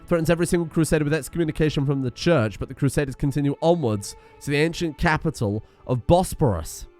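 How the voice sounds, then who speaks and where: A man's voice: on the high side, a little mellow. Chatty, profane male game streamer. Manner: chatty, profane, easily sidetracked. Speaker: gaming streamer. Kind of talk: casual strategy game commentary.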